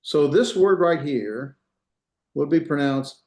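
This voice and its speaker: A man's voice: on the high side, animated, takes it slowly, a little mellow. A man giving a classroom lecture as a Hebrew instructor. He explains step by step, repeats examples and checks that students follow. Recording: roomy echo.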